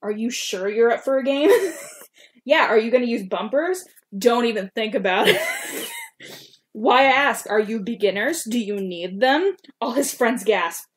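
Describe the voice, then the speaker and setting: A woman's voice: a little high, big pitch swings, a little slow. A woman co-hosting a podcast, casually reading her old fan fiction aloud and stopping to comment on her own writing. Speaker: podcast co-host.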